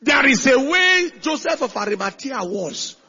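A male pastor preaching a sermon with emphasis, shifting between shouted lines and hushed asides. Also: very high-pitched, sing-song, normal speed, muffled recording.

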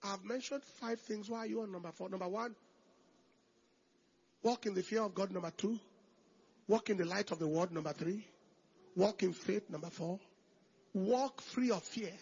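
A man preaches in a high, bright voice with a heavy rasp and a gravelly edge. He repeats phrases, drops to near whispers, then shouts out declarations. The sermon recording sounds dull and lo-fi. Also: moderate pace, pauses often. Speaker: pastor.

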